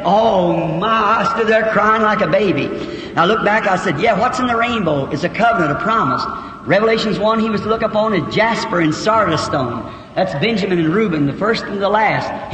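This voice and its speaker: High-voiced folksy preacher in an echoey hall. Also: male voice. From United States. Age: 50s. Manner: folksy, emotional storytelling that rises into high excited outbursts. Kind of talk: sermon, storytelling. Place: church or meeting hall. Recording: echoey hall recording with faint hiss.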